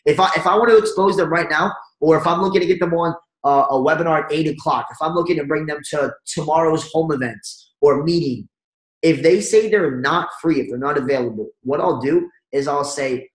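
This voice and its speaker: Energetic man coaching, echoey room. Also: on the high side, brisk. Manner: energetic, coaching, acts out phone calls. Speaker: network marketing trainer. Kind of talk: motivational training talk.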